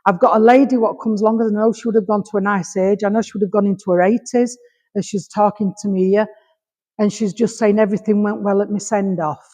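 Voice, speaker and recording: This Rotherham medium talks fast in a steady, slightly mellow mid-range voice and a Yorkshire accent. Delivering messages to a village hall audience, she calls people darling and sweetheart and checks in with "all right?" after nearly every thought, all under the hall's long reverb.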